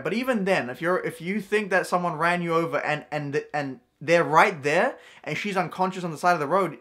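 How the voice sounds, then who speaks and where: Rambling young man telling a story. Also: on the high side. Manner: rambling, filler-heavy, animated storytelling. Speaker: vlogger. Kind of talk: storytime vlog.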